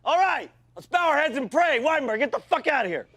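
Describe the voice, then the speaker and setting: An actor playing a foul-mouthed, abusive male football coach who yells profane insults at his team in a comedy sketch. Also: extremely high pitch, sing-song, brisk, some chatter behind, exaggerated voice. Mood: ranting. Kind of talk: shouted sketch comedy acting.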